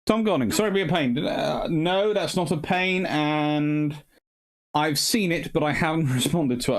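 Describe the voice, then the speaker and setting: A tired male history host and academic, rambling through a livestream sign-off and thanking viewers by name. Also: on the high side. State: tired, short on sleep. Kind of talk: livestream sign-off, reading chat.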